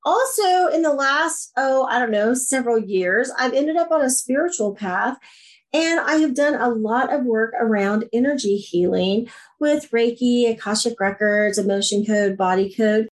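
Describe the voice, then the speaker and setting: A woman guest on a podcast interview, talking in an enthusiastic, animated storytelling way. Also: a little high, moderate pace. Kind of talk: casual interview chat.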